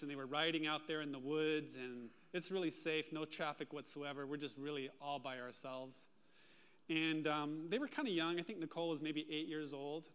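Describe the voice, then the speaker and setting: Higher-voiced man preaching a sermon. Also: smooth. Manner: storytelling, animated in anecdotes. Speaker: pastor.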